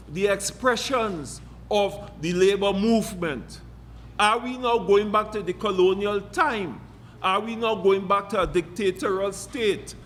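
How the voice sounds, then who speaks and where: A trade union leader from Trinidad and Tobago giving a press conference speech, firing off rhetorical questions and repeating them for emphasis. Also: male voice, sits high, fairly bright tone, a little hiss or hum. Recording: long hall reverb, faint ambience.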